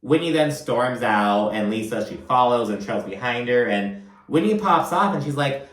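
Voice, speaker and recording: A man dishing on reality TV in a loose, gossipy way, swearing freely and slipping into exaggerated voices when he quotes people. His voice sits at an ordinary pitch, and it rings a little in a roomy space. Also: lively intonation, normal speed, fairly bright tone. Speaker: reality TV recap host. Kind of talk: casual recap commentary. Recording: roomy echo.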